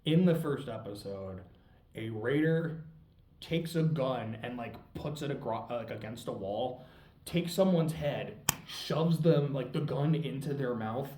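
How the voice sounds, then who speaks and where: A man's voice: mid-range voice, lively intonation, a little slow, mellow, a little hiss or hum. A young man reviewing a show in a casual, rambling way, full of fillers, laughter and cursing. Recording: roomy echo, mic at a distance.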